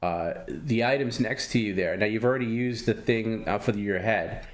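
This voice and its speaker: A man's voice: on the low side, moderate pace. A man hosting a livestream who talks in a dry, needling way and explains things patiently. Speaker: host. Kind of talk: livestream banter.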